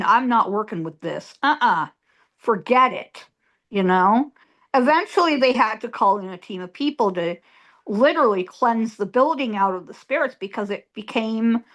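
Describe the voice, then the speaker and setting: A woman's voice: a little high, expressive, normal speed, fairly bright tone. A middle-aged woman, a psychic medium, telling a story as an interview guest in an emphatic way, repeating words for effect.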